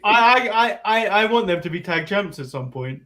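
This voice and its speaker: A man's voice: sits high, lively intonation, normal speed, pushed and bright. A man co-hosting a casual wrestling recap, playful and rambling, often stumbling over his words. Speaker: podcast co-host.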